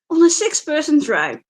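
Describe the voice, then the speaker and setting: Woman cohost chiming in w short yeahs, high lively voice, kinda husky. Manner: short agreeing replies, unhurried storytelling. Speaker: podcast co-host. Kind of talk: casual reality-TV recap chat.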